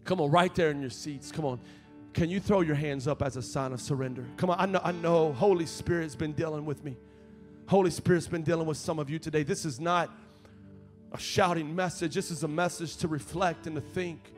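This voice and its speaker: A man's voice: a little high, brisk, darkish tone, soft background music. A young man preaching a sermon as associate pastor, telling a personal story in a conversational way and rising to fervent appeals. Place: church sanctuary.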